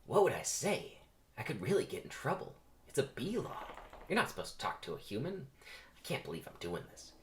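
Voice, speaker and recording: A man's voice: lowish voice, very animated, normal speed, fairly bright tone, roomy sound, slight background noise. A man voicing a nervous, polite young male bee in a comedic script reading. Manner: nervous and rambling.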